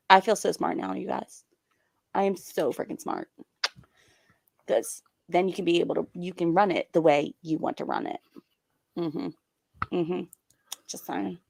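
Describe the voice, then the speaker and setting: A woman's voice: on the low side, fairly even intonation, measured pace, creaky, pauses often, a little mellow, no room sound. Dry, sarcastic woman stream host. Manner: sarcastic, drawling, chatty with viewers. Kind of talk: casual live-stream commentary.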